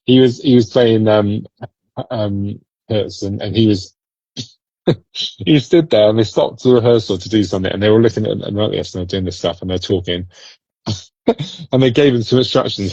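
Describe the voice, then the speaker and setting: Man, husky, low voice, animated storyteller, dull lo-fi dry sound. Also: moderate pace, pauses often, no room sound. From Britain. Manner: animated storyteller, laughs often, many restarts. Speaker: guest actor. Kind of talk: casual interview chat.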